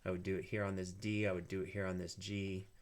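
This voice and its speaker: Low-voiced man teaching ukulele. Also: fast talker. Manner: relaxed, explanatory, frequent fillers. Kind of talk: online music lesson.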